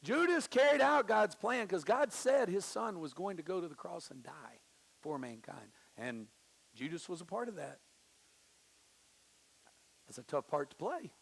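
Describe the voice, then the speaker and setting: High-voiced gravelly man preaching. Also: sing-song, measured pace, pauses often, fairly bright tone. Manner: conversational preaching, acting out quoted voices, pitch swinging widely. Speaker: pastor. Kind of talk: sermon. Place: church sanctuary.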